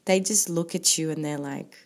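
Gravelly-voiced woman hosting a podcast. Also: deep voice, normal speed. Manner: earnest, reflective, with frequent ums. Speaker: podcast host. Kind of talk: faith-based podcast talk.

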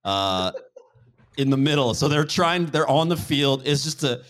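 A man's voice: medium pitch, lively intonation, unhurried, noisy background. An American man hosting a casual podcast chat, joking and laughing easily. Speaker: podcast host.

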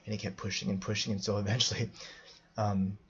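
A man's voice: on the low side, flat delivery, brisk, lo-fi sound. A man telling a personal story as a podcast host, rambling with many restarts and fillers.

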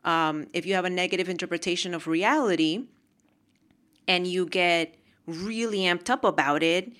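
A woman's voice: on the low side, moderate pace, fairly bright tone. A woman hosting a motivational podcast, talking casually and emphatically and repeating phrases for emphasis. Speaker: podcast host.

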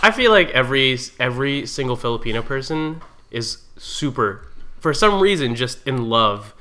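Animated, teasing male podcast co-host. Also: medium pitch. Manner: teasing, animated, quick to laugh. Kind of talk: casual podcast banter.

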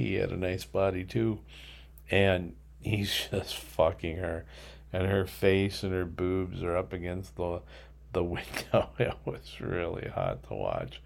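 Deep-voiced, boastful man telling stories. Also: creaky, low-quality recording. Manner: boastful, crude, heavy swearing. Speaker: podcast host. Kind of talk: casual storytelling monologue.

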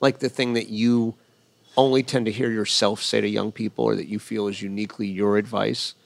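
A man's voice: on the low side, level tone, fairly quick, gravelly, no room sound. A middle-aged man hosting an interview, inquisitive and talkative, often going off on tangents. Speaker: interviewer, podcast host. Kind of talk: casual conversational interview.

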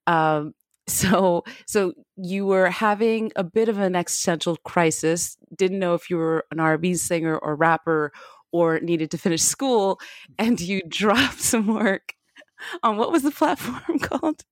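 Female interview host; lowish voice, dry close sound; rambling, filler-heavy, quick to laugh. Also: no room sound. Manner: halting, filler-heavy questions, laughs often. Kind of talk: casual interview conversation.

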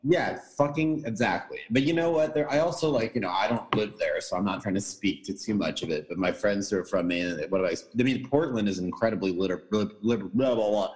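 A man from New England in casual chat, animated and profane, reacting quickly and swearing freely. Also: lowish voice.

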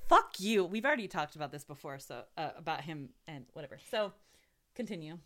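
A woman co-hosting a podcast, talking bluntly and with sarcasm, and swearing without a second thought. Her voice sits fairly low and sounds bright and forceful. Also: expressive, a little fast. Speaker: podcast co-host. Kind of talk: casual chat.

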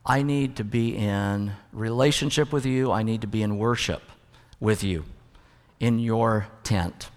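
A man's voice: lowish voice, measured pace. A male pastor preaching a sermon in a conversational way, with jokes and stories. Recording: long hall reverb.

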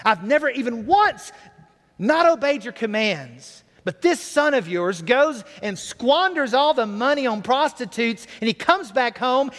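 Brief: man doing a resentful older brother, indignant, high-voiced, hall reverb. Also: close to an everyday voice.

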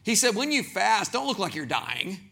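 A man with a Southern accent, preaching a sermon as pastor, animated and acting out quoted voices. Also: high-pitched, moderate pace, gravelly, slightly rough.

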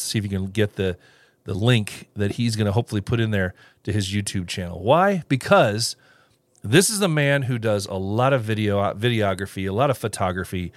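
A man's voice: fairly low pitch, no echo. A man hosting a casual solo podcast, rambling with restarts and little chuckles as he reads live comments. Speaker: podcast host.

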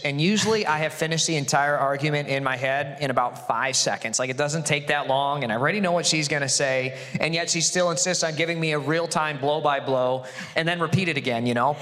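A middle-aged male pastor preaching in an animated, joking way, tossing in quick asides. His voice sits a little high for a man. It rings with the long reverb of a big hall. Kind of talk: sermon.

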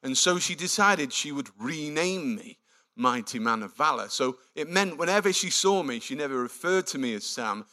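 A man preaching a sermon, telling the story with animated, acted-out quotes. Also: on the high side, moderate pace.

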